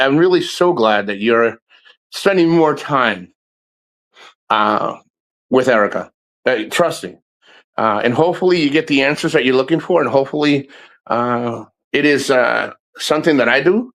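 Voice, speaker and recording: A man's voice: mid-range voice, fairly bright tone. A man chatting casually on a vlog outdoors near the water, rambling with lots of fillers, restarts and swearing. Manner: meandering, swears often, many fillers and restarts. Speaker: vlogger livestreaming.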